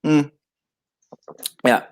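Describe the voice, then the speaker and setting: A man hosting a casual beer chat on a video call, chatty and laughing often. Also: extremely slow. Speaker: beer reviewer host.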